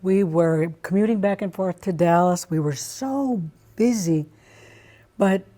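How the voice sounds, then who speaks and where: As a guest in an interview, a middle-aged woman tells a personal story in an animated, expressive way, acting out her own reactions. Her voice is on the low side and her pace is unhurried.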